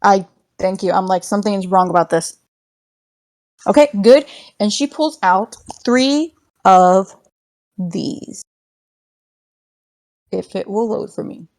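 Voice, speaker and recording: A woman's voice: medium pitch, takes it slowly, long pauses, a little mellow. A woman narrating as game master in a casual, rambling way, laughing often.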